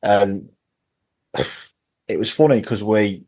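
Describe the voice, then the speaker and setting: A man's voice: lowish voice, slow pace, darkish tone, slightly rough. A man in casual podcast chat, telling funny stories as a football-fan guest and laughing at his own tales. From England.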